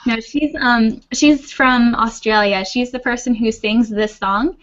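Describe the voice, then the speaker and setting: A woman's voice: on the high side, steady tone, takes it slowly, a bit bright. Reassuring woman teaching online. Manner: patient, reassuring, laughs often. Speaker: English teacher. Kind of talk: online class, friendly explaining. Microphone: video call. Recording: lo-fi video call audio.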